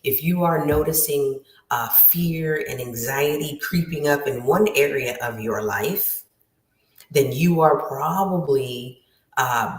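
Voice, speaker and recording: A woman's voice: very deep voice, a little mellow. A woman writing coach giving an emphatic motivational lesson, repeating her key phrases. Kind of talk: motivational teaching talk. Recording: roomy, distant from the mic.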